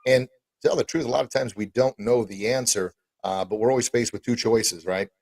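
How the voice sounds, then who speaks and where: A man hosting a podcast interview, energetic and encouraging, often repeating words as he goes. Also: medium pitch, a little fast, dry recording. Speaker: podcast host.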